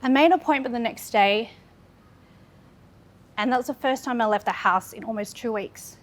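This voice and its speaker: She talks at normal speed with a voice a little on the high side. The speaker is an Australian woman in her thirties giving an honest, earnest talk about her own life, drawing on repeated phrases to build it.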